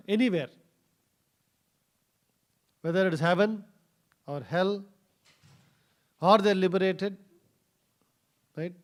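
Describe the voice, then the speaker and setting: A man giving a scripture class in a temple, telling a story with many fillers and pauses. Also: sits high. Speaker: scripture speaker. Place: temple hall.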